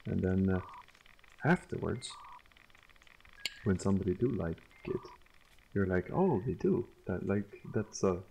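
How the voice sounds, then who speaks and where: A game developer guest talking casually and haltingly, with plenty of restarts. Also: male voice, deep voice, creaky, warm tone, slight background noise, poor audio. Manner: halting, laid-back. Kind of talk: casual chat.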